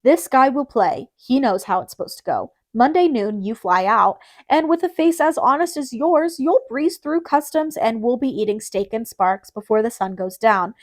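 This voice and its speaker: A smooth, easygoing older-brother hustler who talks his sibling into things with steady reassurance, as read by a woman narrator. His voice sits a little louder and brighter than her narration. Audiobook reading. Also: on the high side, normal speed, hardly any pauses, no echo. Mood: coaxing. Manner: coaxing, reassuring.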